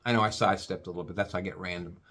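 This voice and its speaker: A man's voice: sits low, steady tone, rapid-fire, fairly bright tone. A man ranting in a rambling, crude comic way, stammering and restarting often.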